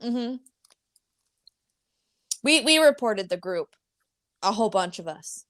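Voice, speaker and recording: A woman co-hosting a psychic reading live stream, speaking in an unhurried way and repeating words as she gathers her thoughts. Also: a little high, expressive, fairly bright tone. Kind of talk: casual live-stream chat.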